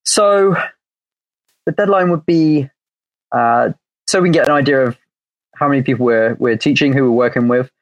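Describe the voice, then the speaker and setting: A man's voice: medium pitch, fairly quick, dry recording, low-quality recording. A man chatting casually as a guest coach, upbeat and joking as he explains things. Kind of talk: casual chat.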